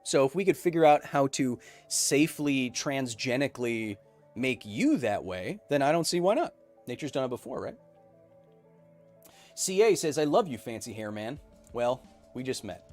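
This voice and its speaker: Male streamer host in his 30s, lively swooping delivery, playful, soft music bed behind. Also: mid-range voice, normal speed. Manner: animated and jokey, with many ums and playful outbursts. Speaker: podcast host answering live chat. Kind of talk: casual live-stream chat.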